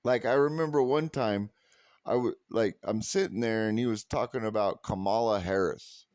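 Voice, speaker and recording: A man's voice: on the low side, moderate pace, a little mellow, no echo. A man from California telling a heated, sarcastic story full of swearing, in a profane rant. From California, USA. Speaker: vlogger.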